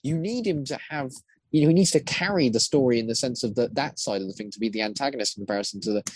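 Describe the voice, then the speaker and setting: On a casual podcast, a male guest who works as a voice actor and prop maker chats eagerly and rambles. His mid-range voice is slightly rough and he talks fast, often restarting sentences as ideas tumble out.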